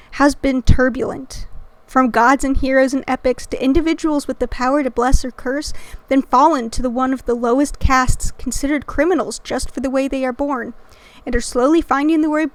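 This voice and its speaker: High-voiced woman narrating an explainer. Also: no room sound. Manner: earnest reading with casual slangy asides. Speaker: channel host. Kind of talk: scripted educational narration.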